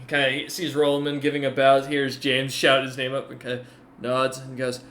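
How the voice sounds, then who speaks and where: A man narrating as game master of a tabletop game, pausing often with ums and uhs. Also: mid-range voice, monotone, a bit bright, reverberant. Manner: halting, full of ums and uhs.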